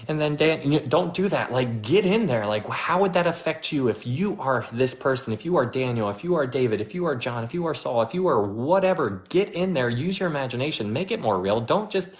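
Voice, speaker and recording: A man giving a casual, animated Bible teaching as host, chatty and full of restarts. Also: mid-range voice.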